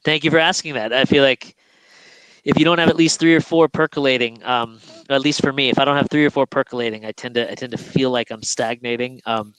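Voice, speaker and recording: A young man in a casual chat, a picture book author who retells his plot in a lively way and puts on small voices for the characters. His voice sits at a middle pitch, and the sound is dry and close, with little room around it. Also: fairly quick, clear, resonant tone, no room sound, rough recording. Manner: animated storyteller, acts out his characters. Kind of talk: casual bookstore video chat.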